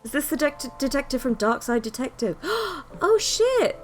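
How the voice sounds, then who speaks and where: A woman's voice: a little high, big pitch swings, a little fast, soft background music. A woman streaming a game live, chatting casually with viewers, swearing freely and joking about herself. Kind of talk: live-stream gameplay commentary.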